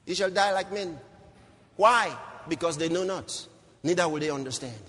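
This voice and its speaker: A man preaching a sermon as pastor, swinging from low murmurs to shouts and repeating phrases for emphasis. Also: moderate pace, husky. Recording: long hall reverb, faint noise.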